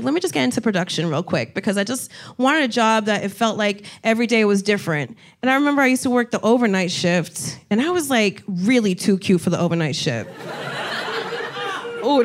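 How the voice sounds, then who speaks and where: A woman's voice: mid-range voice, expressive, fast talker, hardly any pauses. A woman comedian in casual conversation, telling stories animatedly, swearing freely and laughing often. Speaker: comedian, co-host. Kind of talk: casual storytelling chat.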